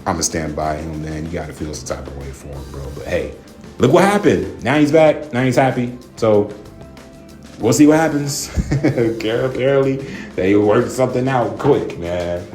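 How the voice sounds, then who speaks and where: Faint music plays in an echoey room as a wrestling commentary vlogger rants casually and profanely. His fairly low, darkish voice moves at a moderate pace, full of laughter and "man," "bro," and "y'all."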